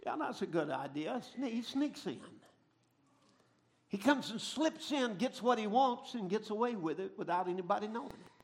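A middle-aged man preaching a sermon, telling stories dramatically and swinging from a hush to a shout. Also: high voice, lively intonation, moderate pace. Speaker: pastor.

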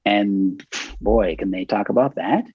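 Lo-fi audio without echo captures a man with a husky, fairly low voice telling a story in a casual interview. He says he's a bit nervous, halting with lots of restarts, while animatedly acting out what others said.

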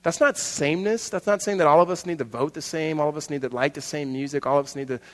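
A male pastor, his voice a little higher than most men's, delivers a fast, conversational sermon. He swings between loud bursts and hushed asides, laughing often, and a big hall gives the sound a long reverb.

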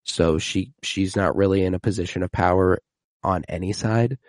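A man's voice: sits low, fairly even intonation, moderate pace, dry recording, clean studio sound. A man co-hosting a casual chat, recapping scenes and quoting characters in playful voices. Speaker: co-host.

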